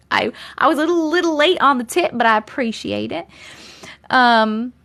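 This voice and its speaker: High-voiced chatty woman streaming live. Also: lively intonation, measured pace, fairly bright tone. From Long Island, USA. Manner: chatty, laughs often, thanks viewers by name. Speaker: live-stream host reading chat. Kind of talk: casual live-stream chat. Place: at home.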